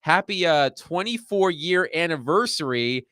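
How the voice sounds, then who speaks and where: A man hosting a sports radio show, talking in an animated, nerdy way and digging into numbers. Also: on the high side, measured pace, dry recording. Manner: animated, self-described nerd who enjoys digging into numbers.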